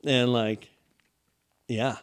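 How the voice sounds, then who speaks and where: A man's voice: medium pitch, flat delivery, drawn-out words, smooth, dry recording. A young man co-hosting a podcast, rambling through a self-mocking story in casual chat. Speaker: podcast co-host.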